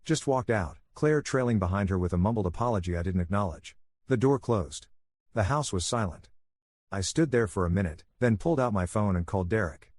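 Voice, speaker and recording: Calm guy reading a bedtime story, low husky voice, dry close sound. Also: fairly quick, dry recording. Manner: soothing and even. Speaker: story narrator. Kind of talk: calm first-person story narration for sleep.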